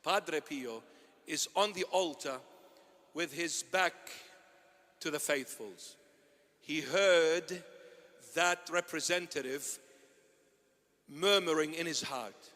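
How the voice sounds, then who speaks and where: High-voiced bishop preaching in a reverberant hall. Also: male voice, slow, long pauses. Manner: impassioned preaching, swinging from loud to hushed. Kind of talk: sermon.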